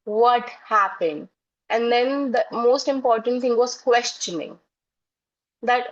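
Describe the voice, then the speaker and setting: A woman's voice: fairly high pitch, slow pace. A woman psychologist and educator answering interview questions earnestly, explaining through classroom stories. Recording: dull lo-fi audio.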